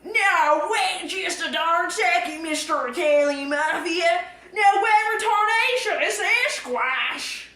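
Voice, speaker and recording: A woman voicing a dim, cheerful hillbilly trucker man with a twangy drawl and loud hollers. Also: very high voice, slow, few pauses, far from the mic, full character voice. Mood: folksy. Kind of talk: comedic fan cartoon voice acting. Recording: roomy echoing room.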